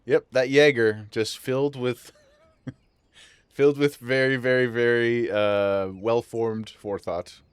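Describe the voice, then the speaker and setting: Streamer, male, easygoing gameplay chatter from home, quick to laugh, reads in-game lines aloud. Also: mid-range voice, steady tone, clean tone, no echo. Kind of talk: casual live gameplay commentary.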